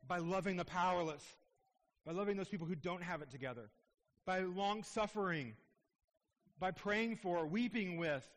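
A high-voiced man in his thirties delivers a sermon as pastor, urgent and impassioned, easing into hushed, tender passages. His voice rings through a church sanctuary, carried on a long hall reverb. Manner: impassioned preaching, softening to a hush at tender moments.

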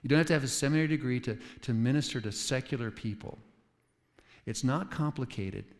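A man from the Coast, a pastor preaching a sermon in a relaxed, conversational way with asides to his listeners. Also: medium pitch, brisk. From West Coast of the United States. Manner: conversational storytelling with asides to the audience. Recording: reverberant hall.

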